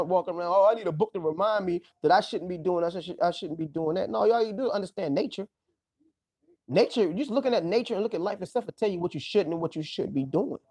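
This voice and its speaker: A man with a high, warm voice, recorded with no room sound, hosts a livestream. He rambles loosely through a profane, casual monologue, exclaiming often and breaking into laughter.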